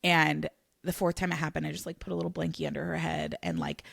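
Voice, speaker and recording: Gravelly, low-voiced woman telling a story. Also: fast talker, dry recording, studio quality. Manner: emotional, animated storytelling. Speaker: podcast co-host. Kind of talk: casual chat.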